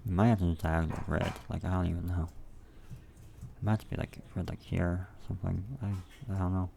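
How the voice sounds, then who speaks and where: Gravelly young man rambling as he builds. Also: low voice, little pitch movement, a little fast, mellow, a little hiss or hum. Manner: rambling, profane, self-talking. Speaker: game level builder. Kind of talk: casual thinking aloud while working.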